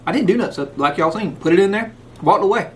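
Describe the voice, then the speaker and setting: With a high-pitched, lively voice that is fairly bright, this man talks fast while hosting a relaxed cooking vlog, folksy and sometimes chewing. A little hiss or hum sits under the audio, recorded outside in the rain and then indoors.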